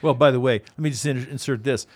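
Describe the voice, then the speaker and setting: A man, a pastor and co-host, explaining in a casual discussion, thoughtful and halting with frequent restarts. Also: mid-range voice, steady tone.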